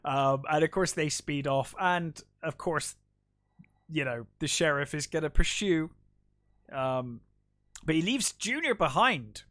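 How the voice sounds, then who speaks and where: During a casual film review chat, a male podcast co-host with a slightly high, expressive and somewhat bright voice recounts scenes unhurriedly, performing the characters' lines and using lots of fillers. The recording is dry and studio-clean.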